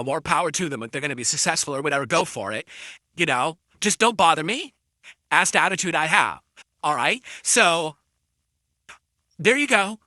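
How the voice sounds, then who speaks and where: A man's voice: on the high side, pushed and bright, no echo, clean studio sound. A man streaming live, ranting defensively at his critics and insulting them.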